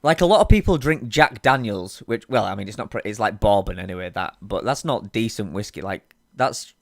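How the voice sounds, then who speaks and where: A man's voice: on the low side, expressive, brisk, creaky, dry recording, clean studio sound. Drunk, swearing man. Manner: drunk, swearing, laughing, rambling. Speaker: podcast co-host. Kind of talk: casual chat.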